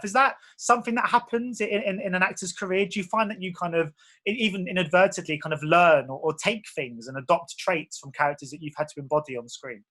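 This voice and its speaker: Male interviewer, a touch high, friendly, hesitant questions. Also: a bit bright. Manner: friendly, hesitant phrasing with fillers.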